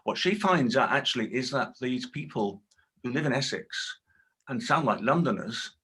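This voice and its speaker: A man's voice: medium pitch, animated, normal speed, bright, forceful tone, husky. A man on a webinar panel talking casually and thoughtfully, hedging his points. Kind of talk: casual discussion. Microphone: video call.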